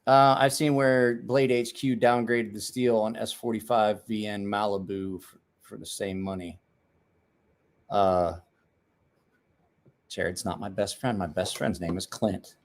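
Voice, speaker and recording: A man with a fairly low, steady voice and a measured pace hosts a casual livestream. He tells long, wandering, profane stories, laughs a lot, and talks back to comments from his viewers.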